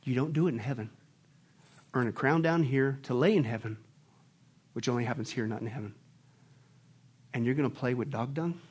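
A man's voice: medium pitch, brisk, pauses often, a little mellow, breathy edge. A male pastor preaching a sermon emphatically, calling on his congregation to respond. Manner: emphatic, calls on the congregation to answer.

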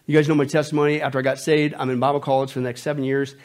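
A man preaching a sermon, animated and joking, dropping from loud bursts to hushed lines. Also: medium pitch, racing. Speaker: pastor.

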